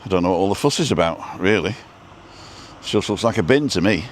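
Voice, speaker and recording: Inside a car, a man drives and films a casual live-stream chat, reading out viewer comments with dry, joking humor. His voice sits low and is expressive at normal speed, with slight background noise.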